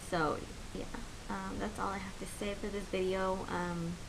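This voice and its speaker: A woman's voice: medium pitch, flat delivery, unhurried. Chatty young woman vlogger with faint hiss. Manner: chatty, many fillers, heartfelt and encouraging. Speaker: beauty vlogger. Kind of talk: casual chat to camera.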